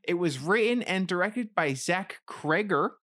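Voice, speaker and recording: A man's voice: sits high, animated, measured pace, a bit bright. A young man co-hosting a casual podcast, talking eagerly and enthusiastically about films. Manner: eager, enthusiastic film talk. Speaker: podcast co-host.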